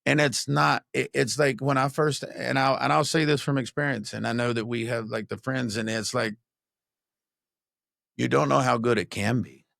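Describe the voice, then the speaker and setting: Gravelly guy hosting a podcast, fairly low voice, heartfelt, dry sound. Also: fairly even intonation, normal speed, a bit bright, no room sound. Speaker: podcast host. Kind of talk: conversational interview.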